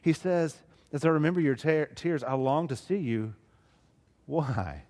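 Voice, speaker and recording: A middle-aged Southern pastor delivers an earnest sermon, his pitch rising and falling in lively arcs. He leans into big emphatic lines and then drops to near-whispered asides. A long hall reverb trails every phrase. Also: a little slow. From Southeast Alabama, US. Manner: earnest, expressive preaching, swings between loud and hushed.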